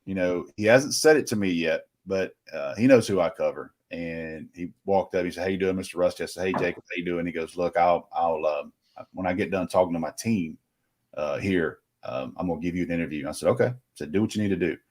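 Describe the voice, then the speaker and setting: Deep-voiced man telling a long story. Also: brisk, darkish tone. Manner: rambling anecdotal with quoted dialogue. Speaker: recruiting reporter. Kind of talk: casual storytelling.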